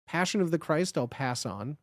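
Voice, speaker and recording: Guy chatting on a stream, kinda high voice, rambles a ton, dry sound. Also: expressive, no echo. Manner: rambling, with lots of filler words, and quick laughs. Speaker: guest on a livestream. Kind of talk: casual chat.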